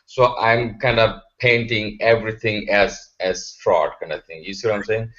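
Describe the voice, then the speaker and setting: A man's voice: fairly low pitch, fairly even intonation, normal speed, a bit bright, dull audio. A man asking his spiritual teacher a question, searching for words and restarting often. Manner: searching, hesitant, many restarts.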